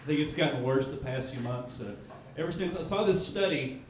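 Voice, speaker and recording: A young man from East Tennessee performing a self-mocking, crude stand-up set on a club stage, tossing quick asides to the crowd. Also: medium pitch, lively intonation. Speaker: stand-up comedian. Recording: echoey club, from far off, noisy.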